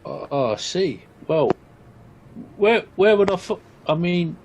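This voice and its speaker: A man's voice: high-pitched, lively intonation, a little slow, muffled recording, background noise. A man playing a tabletop role-playing game, speaking in character in a hesitant, thoughtful way. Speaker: player.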